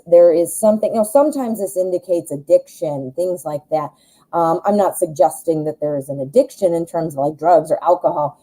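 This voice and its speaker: A woman's voice: lowish voice, dark tone, low-quality recording. A woman giving a chatty live tarot reading, reassuring and thinking aloud with plenty of fillers. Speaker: tarot reader.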